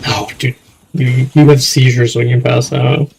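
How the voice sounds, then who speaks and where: A man's voice: mid-range voice, level tone, measured pace, creaky, darkish tone, low-quality recording. A young man in casual chat, rambling and swearing, often trailing off mid-thought. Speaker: streamer.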